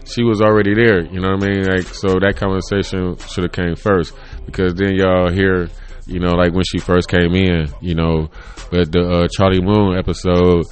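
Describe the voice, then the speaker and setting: Low-voiced profane podcast man, laughing rants. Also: normal speed. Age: 30s. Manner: loose and profane, laughs often, swings from low mumbles to loud excited bursts. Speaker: podcast host. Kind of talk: casual solo podcast rant. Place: bedroom home setup.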